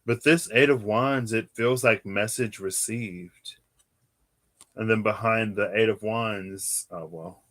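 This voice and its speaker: A man's voice: fairly low pitch, steady tone, slow pace, fairly bright tone. A man doing a casual live tarot reading, chatty and given to laughing and wandering off into asides. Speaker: tarot reader.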